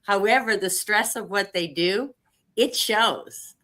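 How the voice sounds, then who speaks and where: A woman's voice: medium pitch, slow pace, fairly bright tone. A woman telling a story in casual conversation, chatty with many fillers.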